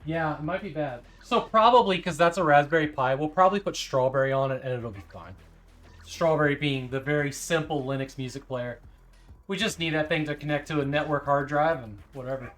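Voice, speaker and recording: A man's voice: on the high side, a little fast, fairly bright tone, faint music behind. A man hosting a casual news stream, talking in a rambling, chatty way. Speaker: stream host.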